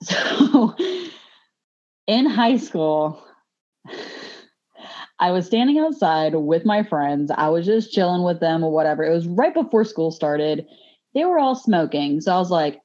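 A woman's voice: on the low side, measured pace, long pauses. A woman in a casual podcast chat, telling a story bluntly, swearing freely and laughing along. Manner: blunt, profane, laughs through an animated story. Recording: muffled lo-fi podcast audio.

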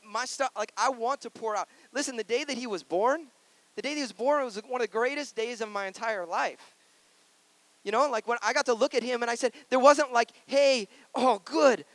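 High-voiced playful pastor man. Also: a bit bright, dry recording. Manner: playful, conversational, earnest. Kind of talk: sermon.

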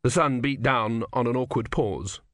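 A man reading a novel aloud as an audiobook narrator, telling the story in a wry, measured way. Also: medium pitch, fairly bright tone, no room sound, clean studio sound. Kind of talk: scripted narration.

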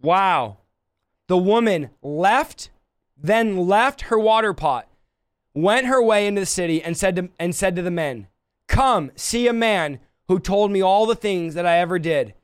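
Man, preacher, livestream sermon, high-pitched, smooth resonant voice, impassioned. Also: expressive, measured pace, no echo, clean studio sound. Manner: impassioned, swinging between soft and loud.

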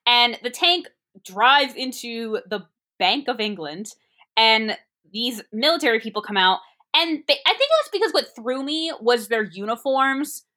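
A woman chatting through a movie review in a bright, forceful voice. She rambles with quick asides and sits a little higher than most women. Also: very animated. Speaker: podcast co-host. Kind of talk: casual movie review chat.

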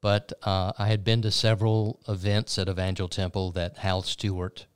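A man interviews a guest in a measured, unhurried way, stopping for fillers as he gathers his thoughts. His voice is very deep and smooth, recorded close and dry. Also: flat delivery, dry recording. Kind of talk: interview conversation.

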